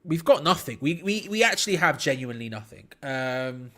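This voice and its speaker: Young male host, chatty rambling match watch-along commentary, mid-pitched. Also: expressive, a little fast, fairly bright tone. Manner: chatty, rambling, self-deprecating. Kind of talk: casual live match commentary.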